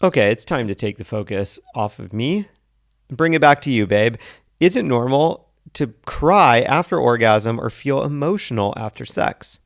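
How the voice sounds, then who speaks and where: Man podcast co-host, playful banter, gravelly mid-pitched voice. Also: animated, normal speed. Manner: joking, self-deprecating banter. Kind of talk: casual podcast chat.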